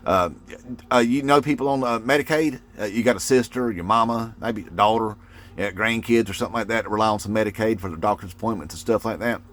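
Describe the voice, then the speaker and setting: A man with a drawl rants casually to his viewers. His voice sits a bit low. He is mocking and folksy, and his talk is full of "uh" fillers and restarts. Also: fast, a bit bright. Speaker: political video commentator. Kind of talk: casual rant to camera.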